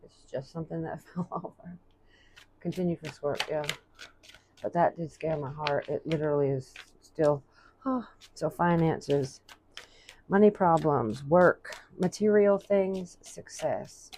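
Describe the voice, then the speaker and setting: Low-voiced woman reading tarot. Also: mellow, a little hiss or hum. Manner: chatty, thinks aloud, reads card messages slowly. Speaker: tarot reader.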